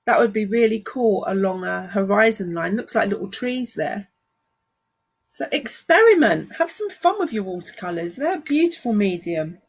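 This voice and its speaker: A woman's voice: medium pitch, animated, normal speed, husky. A woman with a London accent giving a live watercolour painting lesson, chatting and greeting viewers as she works. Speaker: watercolour art teacher. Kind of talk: live-streamed painting demonstration. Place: art studio.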